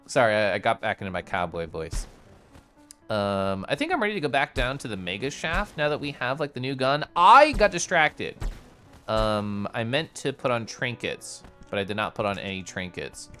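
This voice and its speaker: A streamer casually commenting on a game and reading chat aloud, chatty and excitable, with sudden loud bursts between mumbled asides. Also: mid-range voice, moderate pace. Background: game music.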